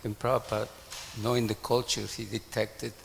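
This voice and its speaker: A man's voice: on the low side, flat delivery, normal speed, vocal fry, big-room sound, a little hiss or hum. A man in a class telling an anecdote, acting out the quoted dialogue as he goes. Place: temple hall.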